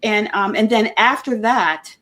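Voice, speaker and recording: A woman being interviewed, talking earnestly in a halting way, with many restarts and homely comparisons. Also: mid-range voice, fairly bright tone. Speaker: interview guest, former member of a church group. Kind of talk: casual conversational interview.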